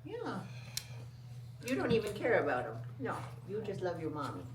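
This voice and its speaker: A young woman vlogger chatting casually, excitable, laughing often and gushing over her pets. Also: mid-range voice, moderate pace, noisy background. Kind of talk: casual vlog chat.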